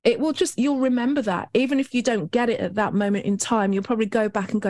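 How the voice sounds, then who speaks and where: A woman's voice: fairly high pitch, brisk, darkish tone, no room sound. A woman hosting a podcast interview, reflective and affirming, with a loose, filler-laden way of talking. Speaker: podcast host.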